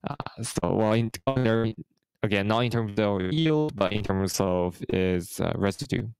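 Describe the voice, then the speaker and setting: A man's voice: fairly low pitch, a little slow, creaky, darkish tone, smooth, rough recording. A man hosting a casual live stream, talking through market charts in a hesitant way with many fillers and restarts. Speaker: host.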